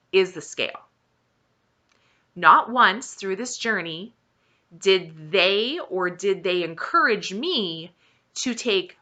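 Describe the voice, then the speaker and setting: Earnest, slow-speaking woman. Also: medium pitch, bright, forceful tone. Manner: earnest and encouraging, stressing points by repeating them. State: emotional, close to tears. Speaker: vlogger sharing her weight-loss journey. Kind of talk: heartfelt personal talk to camera.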